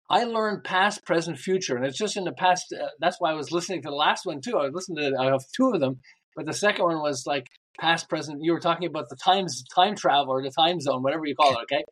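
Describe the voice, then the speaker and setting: Older male guest, lively storyteller, voices the people in his anecdotes, a bit higher than most men. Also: a little fast. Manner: animated storyteller acting out quoted lines. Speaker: guest, book author. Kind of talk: storytelling in a podcast interview.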